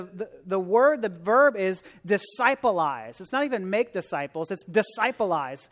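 A man giving a sermon as a visiting preacher, earnest and conversational, often restarting and repeating words, rising to emphatic exhortation. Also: high-pitched. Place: church sanctuary. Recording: long reverb of a large church hall.

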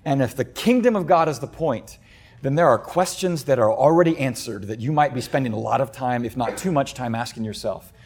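Man, pastor, sermon, mid-pitched voice, animated, shifts from loud to soft. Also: a little fast, gravelly. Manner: animated, acts out quoted voices with sudden loud high bursts.

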